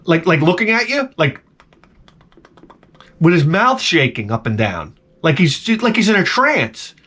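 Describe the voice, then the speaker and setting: A man's voice: on the high side, sing-song, unhurried, sharp tone, slightly rough. A man telling a rambling, profane story in a casual comedic rant to his vlog audience. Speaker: vlogger.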